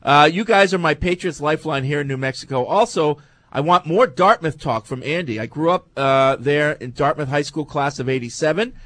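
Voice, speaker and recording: A man's voice: fairly high pitch, moderate pace, a bit bright, dry recording. A man hosting a sports talk radio show, reading listener messages and teasing his co-host in a dry way.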